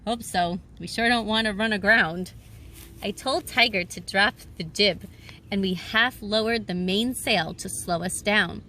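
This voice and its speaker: A woman narrates a children's adventure book in the first person. Her storytelling is lively and expressive, at an ordinary pitch for a woman. A faint hum sits behind the voice. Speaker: audiobook reader.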